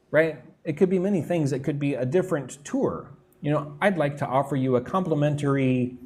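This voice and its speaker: A man who lives in Vietnam teaches a live English lesson, explaining words slowly and checking in with the class. His voice is mid-range and warm, and there is construction noise near his room.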